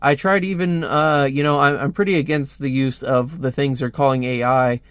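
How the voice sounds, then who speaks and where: A man's voice: mid-range voice, fairly even intonation, normal speed, fairly bright tone, clear, resonant tone, no room sound. A young man casually reviewing a comic book, joking sarcastically and slipping into silly voices as he reads panels aloud. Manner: jokey, sarcastic, breaks into silly put-on voices.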